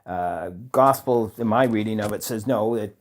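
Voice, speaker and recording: A middle-aged man, a chaplain being interviewed, talking in a thoughtful, earnest way with pauses and fillers. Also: lowish voice. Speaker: chaplain guest. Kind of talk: conversational interview.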